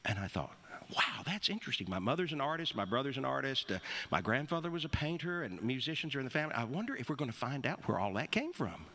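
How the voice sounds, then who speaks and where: A middle-aged man telling a wry, rambling story on stage between songs, with halting restarts. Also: mid-range voice, big pitch swings, a bit bright.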